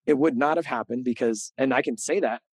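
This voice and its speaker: Middle-aged man, podcast host, candid storytelling, earnest, animated, repeats words, mid pitch, dry close mic. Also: fairly quick, vocal fry, no echo. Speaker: podcast host being interviewed.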